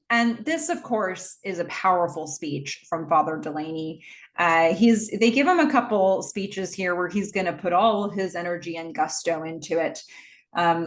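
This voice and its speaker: A woman's voice: on the low side, unhurried. A woman casually recapping a movie scene by scene, rambling and wry, with lots of fillers and restarts.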